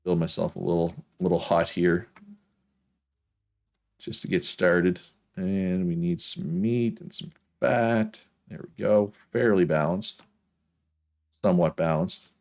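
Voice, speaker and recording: A man's voice: low voice, steady tone, slow, gravelly, pauses often, darkish tone. A man from Prince Edward Island with a strong Canadian East Coast accent, chatting casually and rambling with frequent laughs while playing a game. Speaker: gaming streamer.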